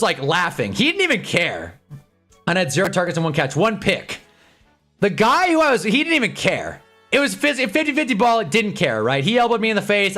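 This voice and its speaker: A young man telling stories in a casual livestream chat, laughing as he goes, with loud bursts and mumbled asides. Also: high voice. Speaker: livestream host. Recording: faint background music.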